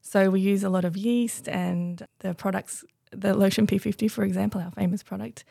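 Gravelly-voiced woman explaining. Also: medium pitch, steady tone, warm tone, no room sound, studio quality. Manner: informative, measured explainer. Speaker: brand distributor guest. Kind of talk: podcast interview, explaining.

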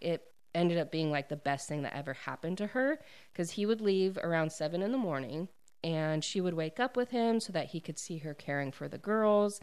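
A woman's voice: low-pitched, darkish tone, clean tone. A woman casually retelling a book's plot, using many "like"s, acting out quoted lines and laughing often. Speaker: book discussion host. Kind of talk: casual book recap chat.

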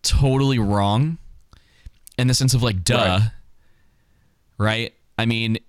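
A man's voice: medium pitch, unhurried, clear, resonant tone, no room sound, clean studio sound. A man co-hosting a podcast, talking casually with frequent "like"s and restarts. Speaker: podcast co-host. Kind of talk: casual political chat.

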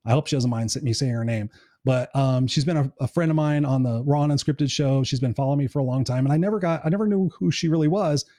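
A man's voice: mid-range voice, quick pace, mellow, no echo, clean studio sound. A middle-aged man hosting a live show in casual chat, earnest and encouraging, swearing now and then.

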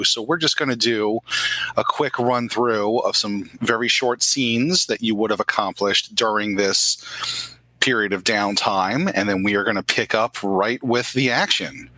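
A man with a low, bright voice narrates a tabletop role-play game as its storyteller. He talks calmly and evenly to his players. The sound is dry and close, with faint music behind. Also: normal speed, dry recording, low-quality recording.

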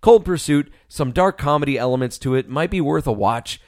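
A man's voice: fairly high pitch, expressive, fairly quick, darkish tone, no room sound, clean studio sound. Profane, jokey podcast co-host man. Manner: loose, profane, jokey banter. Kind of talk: casual movie podcast chat.

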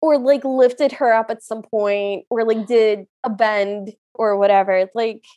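A woman's voice: a little high, fairly even intonation, a little slow, warm tone. A woman co-hosting a podcast, chatting in an opinionated way about a film and stretching words out for emphasis. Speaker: podcast co-host. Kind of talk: casual chat recapping a film.

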